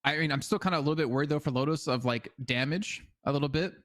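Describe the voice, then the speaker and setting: A man co-casting an esports match talks fast in a slightly high, fairly bright voice. His analysis is casual and full of hedges, with fillers like "I mean."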